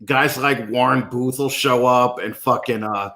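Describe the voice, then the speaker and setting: A man's voice: medium pitch, steady tone, a little slow, bright, forceful tone. A man with a New York accent chatting as a podcast guest, profane and rambling, poking fun at himself. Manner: profane, rambling, self-mocking. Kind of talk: casual chat. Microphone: video call.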